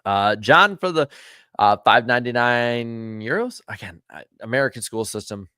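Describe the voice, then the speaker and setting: A man's voice: medium pitch, animated, moderate pace, pushed and bright, clear, resonant tone, no echo, studio quality. A man from Florida hosting a casual livestream, chatting with viewers and reading their comments in a rambling way full of ums and uhs, and turning firm when he scolds rude viewers. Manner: rambling, filler-heavy, with frequent ums and uhs. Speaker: livestream host.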